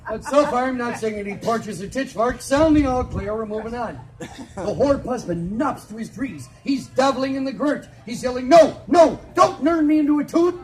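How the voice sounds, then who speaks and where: Recorded on an audience member's phone with background noise, a very high-voiced man tells a comic story on an outdoor fair stage. The festival storyteller packs his tale with spoonerisms and wisecracks for the crowd.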